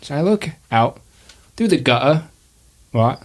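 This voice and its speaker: A man's voice: mid-range voice, expressive, close to an everyday voice. A man voicing a jittery orphan young man who halts and rambles as he tells of hiding from a monster. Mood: nervous. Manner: rambling, halting, fearful storytelling.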